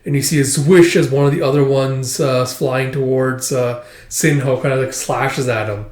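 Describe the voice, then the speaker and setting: A man's voice: medium pitch, steady tone, normal speed. A man hosting a channel, walking through manga pages panel by panel in a casual, rambling read-through. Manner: shouts out character lines in a raised voice. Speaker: manga reviewer and channel host. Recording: echoey room.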